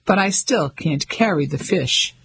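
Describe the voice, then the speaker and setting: A man's voice: on the high side, expressive, creaky, fairly bright tone, slightly rough, heavily acted, poor audio. A man voicing a frank, witty English woman in an audiobook. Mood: spirited. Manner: brisk, spirited, dry.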